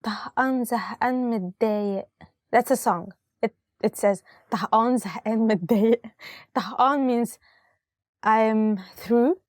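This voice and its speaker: A woman's voice: a little high, normal speed, no room sound, studio quality. Cheerful Egyptian woman teaching vocabulary. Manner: cheerful, laughs often between examples. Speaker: language teacher.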